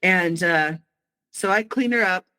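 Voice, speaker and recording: A woman telling her own story of a frightening night at home, halting and emotional, with frequent restarts. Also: on the low side, sharp tone, rough recording. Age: adult. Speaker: guest sharing her story. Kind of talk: personal storytelling.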